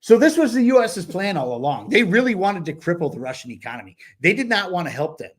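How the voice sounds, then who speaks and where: A man's voice: high-pitched, sing-song, fast talker. A man co-hosting a book club podcast, talking in a loose, rambling way with many fillers and restarts. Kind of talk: casual podcast discussion.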